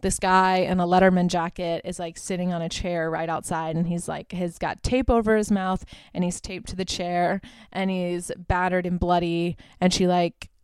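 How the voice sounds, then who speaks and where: A woman's voice: on the low side, little pitch movement, moderate pace, darkish tone, clear, resonant tone, no echo. A young woman hosting a podcast, casually retelling movie scenes with lots of fillers and the odd swear word. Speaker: podcast host. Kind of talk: casual movie review chat.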